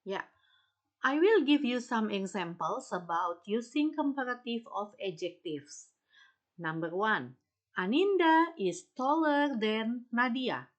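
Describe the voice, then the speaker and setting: A woman with an Indonesian accent, a native Indonesian speaker, teaching an English lesson slowly and repeating each point in Indonesian. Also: fairly high pitch, big pitch swings. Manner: slow, explains in English then repeats in Indonesian. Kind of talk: recorded classroom lesson.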